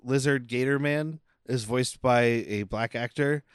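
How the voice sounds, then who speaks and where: A man co-hosting a podcast, chatting casually about a film and telling animated stories with quoted asides. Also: medium pitch, measured pace, smooth, no room sound, studio quality. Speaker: podcast co-host. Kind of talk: casual film review chat.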